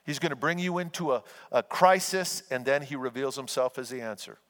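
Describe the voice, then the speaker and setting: This pastor's sermon comes in a mid-range, fairly bright male voice moving a little fast, full of homely stories and earnest appeals to his listeners. It's recorded with long hall reverb.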